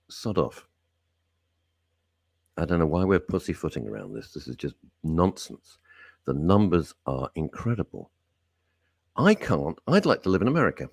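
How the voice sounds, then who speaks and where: A deep, gravelly man holds forth in a studio, his low voice lurching from growl to sudden high bursts. The tone is husky and close, with no room sound at all. He talks bluntly, like a radio host airing a rant. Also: a little mellow, no echo. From Britain. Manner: blunt, ranting, sweeping pitch swings. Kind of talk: opinionated talk radio monologue.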